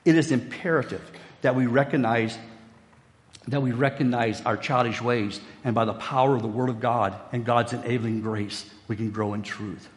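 A man's voice: mid-range voice, fairly even intonation, normal speed, long reverb tail. A middle-aged man from Virginia, preaching a sermon in a folksy storytelling way with jokey asides. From West Virginia, USA. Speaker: pastor.

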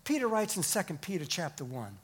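A middle-aged man preaching a sermon as pastor, swelling to emphatic peaks and then dropping low and quiet. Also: sing-song, a little fast, breathy edge.

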